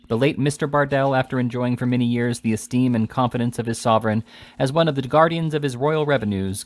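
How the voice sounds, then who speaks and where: A man's voice: mid-range voice, lightly acted. Man reading as grandiose male barrister, pompous, declamatory, raised voice, storybook reading. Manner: grandiose, declamatory courtroom oratory.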